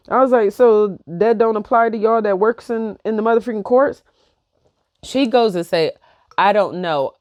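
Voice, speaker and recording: A woman's voice: medium pitch, dry recording, clean studio sound. Young woman heatedly retelling a story. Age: young adult. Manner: heated, animated retelling with quoted back-and-forth. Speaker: vlogger. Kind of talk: casual storytelling.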